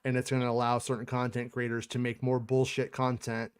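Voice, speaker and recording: Male stream host, loose and profane, trips over his words, mid-pitched. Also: monotone, fairly quick, smooth. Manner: rambling, profane, frequent restarts. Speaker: podcast host. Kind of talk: casual livestream chat.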